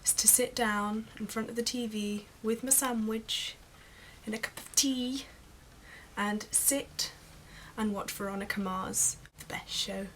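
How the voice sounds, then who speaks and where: A woman's voice: mid-range voice, fairly even intonation, a little slow, fairly bright tone, a little hiss or hum, low-quality recording. A young woman from Britain rants in a vlog, rambling and exasperated, with many ums and uhs. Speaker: vlogger. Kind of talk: ranting vlog monologue.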